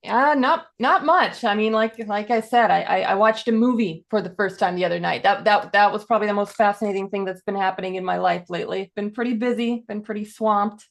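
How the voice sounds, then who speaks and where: Female co-host, casual chat; easygoing, with a gravelly edge. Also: medium pitch, fairly quick, few pauses.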